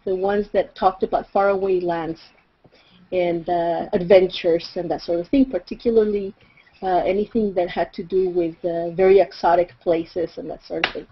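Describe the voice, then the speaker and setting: A middle-aged woman from Mexico with a Mexican accent, whose first language is Spanish, telling a personal story in a reflective way, with fillers and soft laughs. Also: fairly low pitch, fairly even intonation, normal speed, slight background noise. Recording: slightly dull recording.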